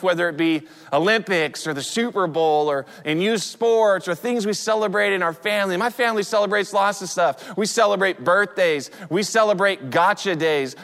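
High-voiced pastor in a reverberant hall. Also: male voice, creaky, a bit bright. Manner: conversational storytelling with frequent restarts. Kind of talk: sermon.

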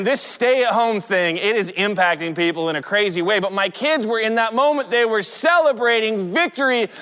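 High-voiced pastor in a reverberant hall. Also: male voice, sharp tone, clear, resonant tone. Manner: conversational storytelling with frequent restarts. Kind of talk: sermon.

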